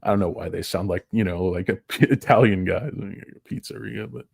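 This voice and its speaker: A man's voice: low voice, a little fast, vocal fry, darkish tone, husky, dry recording, clean studio sound. A tired man hosting a stock market show, rambling through casual, profane, joking commentary that wanders off topic.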